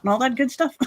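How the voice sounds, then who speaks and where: A woman co-hosting a live stream, with a Carolina Southern accent, chatting casually and laughing often. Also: sits high. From North Carolina. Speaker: co-host.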